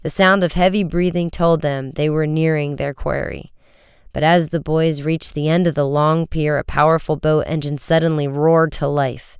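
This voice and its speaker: Smooth, dry-voiced audiobook narrator. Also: mid-range voice, level tone, no echo. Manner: brisk, vivid storytelling with raised shouts for dialogue.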